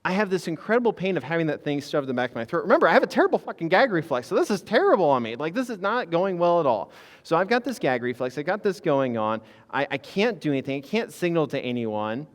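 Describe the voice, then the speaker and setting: A man recounts a story with a lively, rising and falling voice that sits a little high for a man. He talks candidly and casually, with fillers and the odd curse. The sound has a long reverb tail. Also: fast. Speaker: physician assistant guest.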